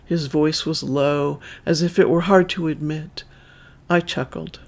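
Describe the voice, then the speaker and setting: A man reading a first-person story aloud in a calm, measured, intimate way. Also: a little high, vocal fry.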